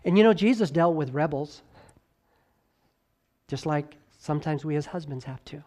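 A male pastor delivers a sermon with lively intonation, moving between loud, emphatic peaks and hushed lows. He stretches out key words slowly, slips in conversational asides, and stammers into restarts.

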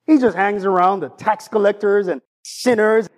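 A man preaching a sermon in an animated, conversational way, often turning to ask his congregation questions. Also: high-pitched, normal speed.

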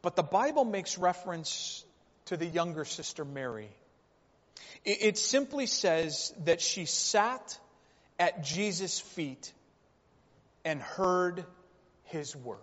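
A man preaches slowly and deliberately, repeating key phrases and posing rhetorical questions. His voice sits high. The recording is dull and lo-fi, with a long reverb. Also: expressive, fairly bright tone. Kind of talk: sermon. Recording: reverberant hall, dull lo-fi sound.

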